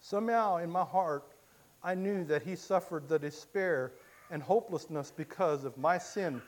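A man preaching a sermon, telling the story in the first person and swinging from hushed, quiet lines to loud, impassioned cries. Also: fairly high pitch, moderate pace.

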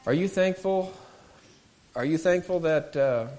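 A man's voice: fairly high pitch, unhurried, darkish tone. A man telling a Bible story to children, asking them questions and acting out the voices in the story.

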